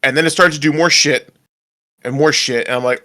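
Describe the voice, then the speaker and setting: Guy cohosting a podcast, bright voice, rambly and laughs a lot. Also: fairly high pitch, steady tone, fairly quick. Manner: rambling, laughs often, many restarts. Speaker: podcast co-host. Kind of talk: casual chat.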